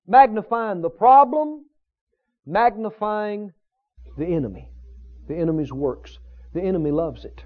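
Brief: a male preacher with a lively, emphatic delivery, muffled recording. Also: sits high, measured pace, pauses often. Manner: emphatic preaching with repetition and questions to the congregation. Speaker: pastor. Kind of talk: sermon.

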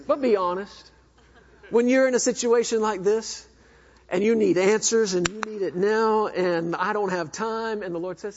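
A man with a high voice preaches to his church, moving from quiet hushed lines to urgent rising bursts. He keeps turning to the congregation with questions. The recording sounds dull and lo-fi. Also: moderate pace. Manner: preaching with sudden drops to a hush and rising bursts. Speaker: pastor. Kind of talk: sermon.

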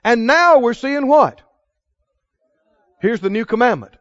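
A man with a very high voice preaches a sermon, asking his listeners questions and drilling answers back to them. The sound is dry and a little muffled. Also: lively intonation, unhurried, no room sound. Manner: preaching with call-and-response questions to the congregation. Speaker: pastor.

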